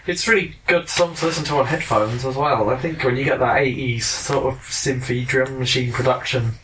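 A man co-hosting a casual music chat, easygoing and quick to laugh. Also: medium pitch, background noise. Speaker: podcast co-host. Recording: off-mic, from a distance.

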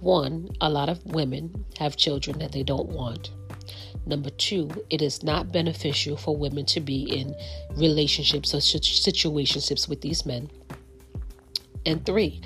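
A middle-aged woman hosting a podcast, telling a story in a frank, emphatic way with many restarts. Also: deep voice. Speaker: podcast host. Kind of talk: casual monologue.

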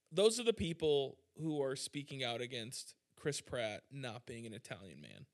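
A man's voice: on the high side, lively intonation, moderate pace, few pauses, a bit bright. A young man hosting a podcast, ranting irreverently in casual chat, full of "like" and "dude". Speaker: podcast host, musician.

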